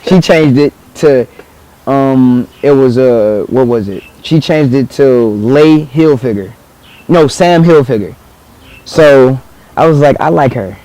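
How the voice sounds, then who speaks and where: A man's voice: mid-range voice, takes it slowly, poor audio. A teenage American man telling stories in casual chat, acting out quotes with laughs. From United States. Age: teens. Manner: animated, acts out quotes with laughs. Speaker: guest artist. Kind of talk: casual storytelling.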